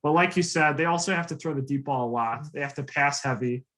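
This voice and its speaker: A man's voice: a little high, fast talker, a bit bright, rough recording. Casual man talking football picks. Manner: casual, filler-heavy, confident predictions. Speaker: co-host. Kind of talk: casual sports picks chat.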